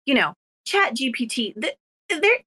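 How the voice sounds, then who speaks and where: A woman's voice: high voice, very animated, unhurried, sharp tone, breathy edge. A woman hosting a podcast on writing, encouraging and bubbly as she talks with her guests. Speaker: podcast host. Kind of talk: casual podcast chat about writing.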